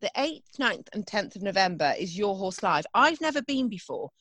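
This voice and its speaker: A woman's voice: mid-range voice, sing-song, moderate pace, fairly bright tone. A woman, co-hosting a casual chat and telling stories in a chatty, self-deprecating way. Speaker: podcast co-host and event rider.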